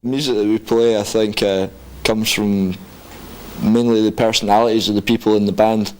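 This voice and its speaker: Low-voiced man, laid-back band talk. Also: moderate pace, poor audio. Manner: relaxed, hesitant with fillers, dry humor. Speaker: band member. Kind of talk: casual interview.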